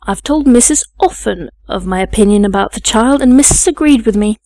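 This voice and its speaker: Storybook lady's maid, self-righteous and sharp, loud voice, dry sound, woman doing it. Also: fairly high pitch, animated, fairly quick, dry recording. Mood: contemptuous. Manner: sharp, pious and contemptuous.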